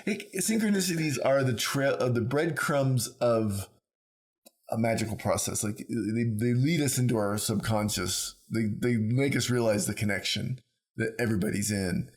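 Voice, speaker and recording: A man co-hosting a podcast talks at an easy, mid-range pitch. He circles through his ideas in casual conversation, restarting his sentences. When he tells a story he jumps into animated quoted voices. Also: normal speed. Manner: rambling, animated storyteller who acts out quotes. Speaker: podcast co-host.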